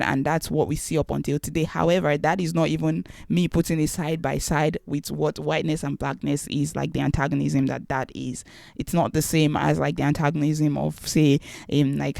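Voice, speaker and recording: A woman's voice: low voice, creaky, a little mellow, no echo, clean studio sound. A young woman vlogging her opinions, exasperated and rhetorical, repeating her questions for emphasis. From Nigeria. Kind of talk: opinionated commentary to camera.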